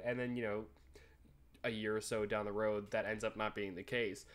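A man's voice: fairly low pitch, little pitch movement, normal speed. A twenty-year-old man giving casual, profanity-laced commentary on a game, reading the dialogue choices aloud. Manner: laid-back, swears freely, reads choices aloud. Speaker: gaming YouTuber.

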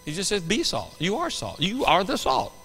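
A man pastor preaching a sermon with animated swings between loud bursts and quiet asides. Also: high-pitched, a little fast, in a large hall, faint music behind, low-quality recording. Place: church sanctuary.

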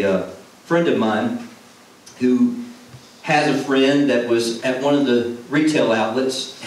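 A man preaching a sermon as a former pastor, earnest and repeating phrases for emphasis. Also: medium pitch. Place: church sanctuary. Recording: echoey hall, from far off, faint noise.

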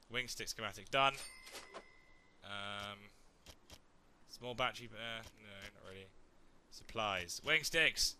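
Young guy doing gameplay commentary, goofy and excitable, super bright sharp voice. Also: on the low side, a little hiss or hum. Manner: jokey, chatty, excitable. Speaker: let's play gamer. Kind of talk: casual game commentary.

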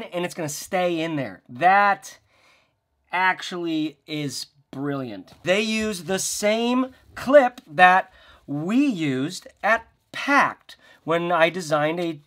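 A man's voice: high-pitched, fairly bright tone. A man giving a casual vlog review of bags, chatty and rambling with playful asides. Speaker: bag reviewer.

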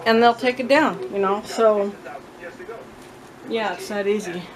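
A woman filming herself at home, telling a story-time vlog in a chatty, animated, blunt way. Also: mid-range voice, unhurried, crowd noise. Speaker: vlogger. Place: at home with her cats. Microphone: own phone or camera, self-filmed.

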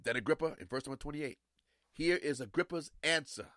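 A male pastor preaching a sermon, repeating key phrases and swinging between hushed and loud delivery. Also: on the high side, brisk, no echo, studio quality.

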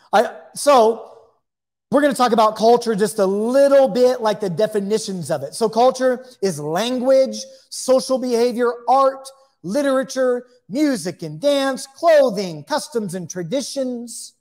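A man's voice: sits high, darkish tone. A man teaching an informal Bible lesson to camera, conversational, with chatty asides and repeated phrases.

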